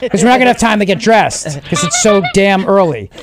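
A middle-aged man hosting a radio talk show in a studio, bantering and joking at his own expense with quick asides. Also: high-pitched, expressive, music in the background. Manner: jokey, self-mocking, quick asides. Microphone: studio microphone.

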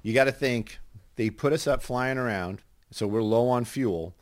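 A man's voice: medium pitch, moderate pace. A man hosting a podcast, a helicopter news reporter chatting casually, laughing easily and repeating short phrases.

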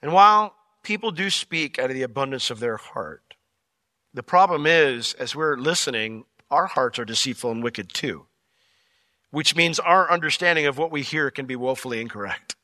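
A man preaching a verse-by-verse sermon as pastor, acting out the characters' lines in an animated way. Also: medium pitch, moderate pace, dry recording. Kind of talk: expository sermon.

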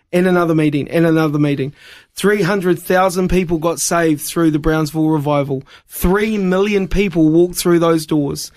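High-voiced New man telling a story. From New Zealand. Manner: animated storyteller, voice climbing high when excited. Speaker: evangelist guest. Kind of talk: storytelling on a radio show.

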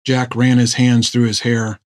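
A man narrating a story in a measured storytelling manner. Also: mid-range voice, little pitch movement, darkish tone, no echo, studio quality. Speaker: audiobook narrator. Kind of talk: scripted narration.

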